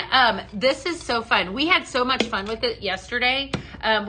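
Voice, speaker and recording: A woman's voice: fairly high pitch, sharp tone, slight background noise. A woman hosting a live shopping show, gushing over products with many ums and reading out viewer comments. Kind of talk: live product demo chat.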